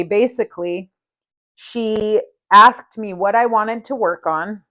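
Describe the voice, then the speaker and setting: A woman's voice: mid-range voice, unhurried, fairly bright tone. A woman hosting her own podcast, talking earnestly and unhurriedly as she shows a smoke-cleansing ritual. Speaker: podcast host. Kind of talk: casual solo podcast demonstration.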